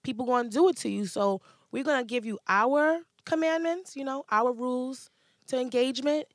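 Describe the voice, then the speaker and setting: A woman co-hosting a casual podcast, her voice pitched a little high and sounding dry and close to the mic. She is animated and playful, and at times drops into a hushed, confiding aside. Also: moderate pace, no echo. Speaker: podcast co-host.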